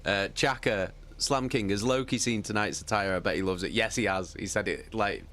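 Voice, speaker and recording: Hosting a casual livestream, a man reacts to an audiobook in a voice on the low side at a moderate pace. He's animated, swears a lot, and laughs often.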